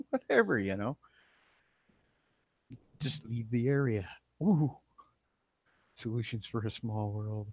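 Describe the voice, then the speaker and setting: A man's voice: medium pitch, sing-song, takes it slowly, long pauses, dry recording. A man rambling in casual livestream chat while drawing, muttering to himself as he works. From Canada. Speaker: livestream artist.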